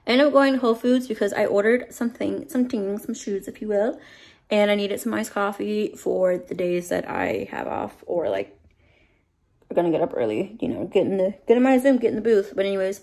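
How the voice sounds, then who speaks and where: A woman's voice: mid-range voice, a little mellow. Candid, rambling young woman vlogger. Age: 20s. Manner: candid, rambling, swears casually. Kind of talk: casual vlog chat.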